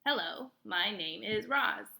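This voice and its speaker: Woman doing a storybook robot, slow, even, literal, bright, gravelly. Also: mid-range voice, full character voice. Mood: calm. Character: calm, literal female robot.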